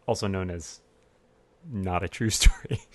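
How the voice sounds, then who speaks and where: A man's voice: low-pitched, measured pace, no room sound. A man hosting a casual movie commentary podcast, wry and joking, on a close mic. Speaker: podcast host.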